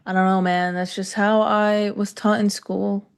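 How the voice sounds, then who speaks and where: A woman's voice: medium pitch, little pitch movement, unhurried, gravelly, clear, resonant tone. Woman live-stream co-host, mid-range voice, casual and filler-heavy with the chat. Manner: loose, filler-heavy, talks to chat viewers.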